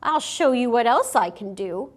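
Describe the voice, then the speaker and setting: A woman's voice: fairly high pitch, animated, moderate pace. A woman voicing a tough, cocky young female ninja pig in a storybook reading, making boastful warnings.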